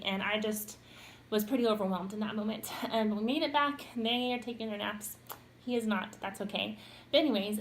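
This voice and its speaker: A woman's voice: mid-range voice, slight background noise. A young woman talking casually to camera about parenting, chatty and full of little ums and restarts. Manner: chatty, with frequent ums and self-corrections. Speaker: parenting vlogger.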